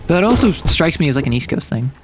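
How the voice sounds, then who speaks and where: A man's voice: on the high side, sing-song, quick pace, noisy background. Chatty male streamer with a raised voice. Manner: chatty, rambling, says "like" often. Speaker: VTuber streamer. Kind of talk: casual gameplay stream commentary.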